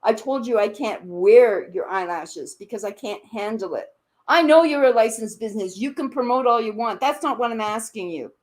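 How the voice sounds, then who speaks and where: A woman's voice: on the high side, lively intonation, moderate pace. A woman ranting on a live stream, confronting someone directly, repeating her demands and swearing as her voice jumps up in anger. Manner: confrontational, accusing, repeating questions; swearing, voice jumps up when angry. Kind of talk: heated live-stream rant.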